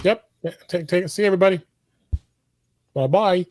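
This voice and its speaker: A man's voice: high-pitched, moderate pace, darkish tone, slight background noise. A man chatting offhandedly on a podcast call. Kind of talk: casual podcast chat.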